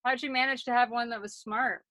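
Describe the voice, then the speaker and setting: A woman co-hosts a relaxed conversation, speaking with a somewhat high voice and a dry sense of humor as she teases the others. The sound is close and dry. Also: brisk, no room sound. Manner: teasing, wry. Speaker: co-host. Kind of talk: casual chat.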